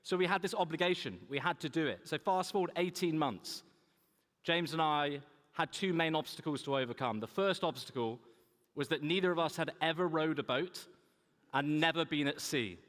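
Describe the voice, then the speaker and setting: A man's voice: fairly high pitch, moderate pace, a bit bright. Man telling stories in a big hall. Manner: humorous, anecdotal storytelling. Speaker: keynote speaker. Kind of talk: storytelling keynote talk. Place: large conference hall. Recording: echoey hall reverb.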